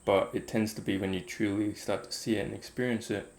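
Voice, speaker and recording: A man's voice: on the low side, steady tone, a little fast, a little mellow. A man thinking aloud in a casual, reflective talk about meditation, rambling with many fillers. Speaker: meditation vlogger.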